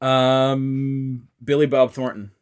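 A man's voice: medium pitch, little pitch movement, slow pace. A man bantering with friends as one of the hosts, joking, swearing and bossing the others around. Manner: joking, profane, bossy. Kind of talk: casual banter.

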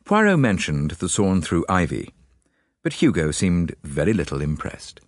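A man narrating an audiobook in a measured storytelling manner. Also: low-pitched, big pitch swings, dry recording, clean studio sound. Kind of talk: scripted narration.

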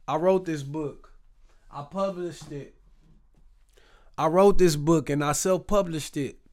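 Texas guy w a southern accent doing his solo podcast, chatty, repeats himself, kinda higher voice. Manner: chatty, repetitive, hype call-and-response phrasing. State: recovering from a rough voice. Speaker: podcast host. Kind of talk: casual solo podcast talk.

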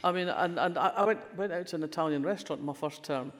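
A deep-voiced older woman from Fife, Scotland, talks fast with a Scottish accent. As a crime-writer guest in a conversational interview she tells wry anecdotes, often beginning sentences again, and the sound has a long, reverberant hall quality.

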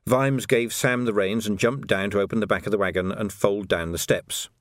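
Male audiobook narrator, expressive and measured, dry read. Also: fairly low pitch, no echo. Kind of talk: scripted narration.

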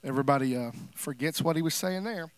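A man's voice: a little high, fast talker, clean tone, no echo. A male pastor preaching a sermon in a conversational, emphatic way, breaking off for playful asides to the congregation.

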